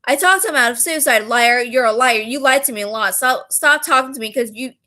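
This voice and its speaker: Woman, bright high voice, profane casual story vlog. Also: brisk. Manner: angry, profane, reads messages aloud. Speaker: storyteller vlogger. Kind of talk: casual storytelling, recounting a text-message fight.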